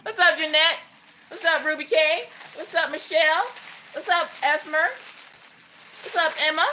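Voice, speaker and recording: A woman's voice: high voice, a little slow, bright, forceful tone, a little hiss or hum. A woman hosting a casual craft livestream, playfully greeting chat viewers by name and joking with them as she unboxes.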